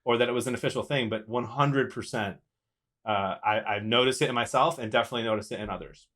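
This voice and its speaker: A man's voice: medium pitch, fast talker, a bit bright. A man co-hosting a podcast, chatting in an easygoing, thoughtful way. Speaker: podcast co-host. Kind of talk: casual podcast chat.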